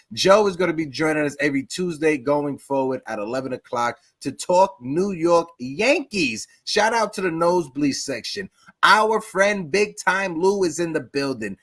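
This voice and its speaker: A man hosts a casual live sports show with a slightly high voice. The sound is dry and close. He is upbeat, often tripping over and repeating words. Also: fairly bright tone, dry recording. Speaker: host.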